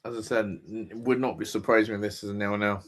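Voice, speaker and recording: A man hosting a live football watch-along, reacting loudly, swearing and shouting advice at the players. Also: on the low side, steady tone, a little fast. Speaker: fan watch-along host.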